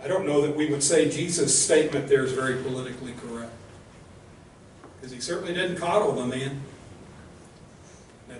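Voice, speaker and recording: A man's voice: a little high, slight background noise. A male minister preaching a sermon in an earnest, direct way, often asking the congregation rhetorical questions, recorded in a church. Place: church sanctuary. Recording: echoey church room, mic at a distance.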